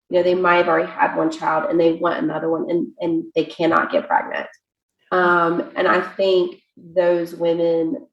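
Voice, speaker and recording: A woman guest on a podcast, telling a personal story in a chatty, animated way with many fillers. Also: fairly low pitch. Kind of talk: casual interview storytelling. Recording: echoey room.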